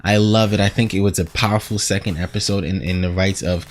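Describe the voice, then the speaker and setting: A man giving a casual, animated TV episode recap, rambling and acting out quotes as he goes. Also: low voice, a little fast. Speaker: show reviewer.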